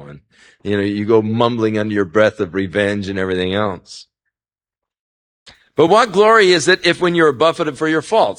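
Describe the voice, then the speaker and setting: A man's voice: mid-range voice, fairly bright tone. A male pastor giving a conversational Bible-teaching sermon, folksy and anecdotal, with rising emphasis on scripture. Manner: folksy, anecdotal, chuckles at his own stories.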